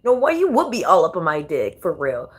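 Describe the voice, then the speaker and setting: A woman's voice: sits low, wildly swooping pitch, brisk, breathy edge. A woman vlogger talking casually and profanely as she reacts to songs, thinking aloud with many restarts. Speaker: tarot and astrology vlogger. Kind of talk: casual commentary while playing songs.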